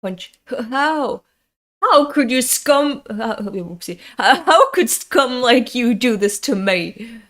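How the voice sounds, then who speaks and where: Arrogant young male villain, shouting and indignant, put on by a woman reading a comic. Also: fairly high pitch, lively intonation, slow pace. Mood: outraged.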